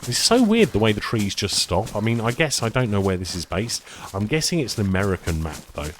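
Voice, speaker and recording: A man's voice: fairly low pitch, very animated, fairly quick, slight background noise. A man chatting casually to viewers while playing a survival game, self-deprecating and rambling. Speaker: streamer. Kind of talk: casual gameplay commentary.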